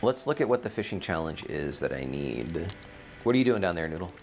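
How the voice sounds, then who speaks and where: A man's voice: deep voice, sing-song, brisk, a little mellow, slight background noise. A man hosting a casual gameplay livestream, rambling and thinking aloud, often correcting himself mid-sentence. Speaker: streamer, game host.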